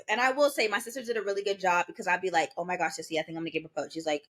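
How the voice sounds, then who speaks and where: A young woman in her twenties chats casually as a podcast co-host. She tells her story with energy, jumping into the voices of the people she quotes. Her pitch sits in the middle range for a woman. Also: fast. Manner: animated, acts out quoted voices.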